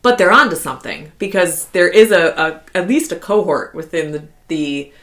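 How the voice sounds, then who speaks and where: A woman in her thirties co-hosting a casual podcast, chatty and quick to laugh, filling her talk with likes. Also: on the low side, a bit bright. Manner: chatty, laughs often, heavy use of like as a filler. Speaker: podcast co-host. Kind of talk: casual conversational podcast chat.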